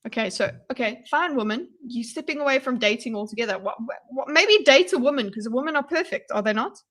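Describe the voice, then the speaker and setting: Woman reaction streamer, bright forceful voice, somewhat high, excitable and rambling, bursts of yelling. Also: quick pace. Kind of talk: live reaction commentary.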